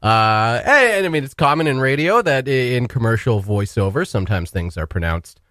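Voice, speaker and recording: A man's voice: medium pitch, lively intonation, normal speed, bright, forceful tone, dry recording, studio quality. A man co-hosting a radio show, laughing easily and arguing good-naturedly. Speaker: radio co-host. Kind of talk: casual radio banter. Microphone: studio microphone.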